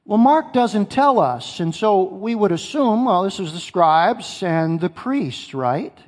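Pastor guy preaching slow and emphatic, high voice, big echoey hall. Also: animated. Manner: emphatic, repeats key phrases, asks the congregation questions. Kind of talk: sermon. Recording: long hall reverb.

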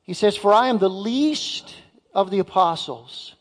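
A male pastor delivers a sermon in a church sanctuary. His pace is slow and deliberate, and he leans hard on key words and asks the congregation direct questions. His voice rings with the long reverb of a large hall. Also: sits high.

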